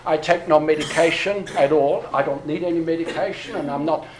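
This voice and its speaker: A man's voice: fairly high pitch, fairly quick, a crowd in the background, rough recording. A man, telling a long personal story at a church workshop, full of fillers and restarts. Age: 60s. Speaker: pastor. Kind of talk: workshop talk to a church audience.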